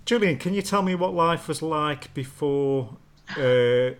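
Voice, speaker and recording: A man hosting an interview, asking gentle probing questions with frequent hesitations. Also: fairly high pitch, a little slow, a crowd in the background. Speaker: interviewer, host.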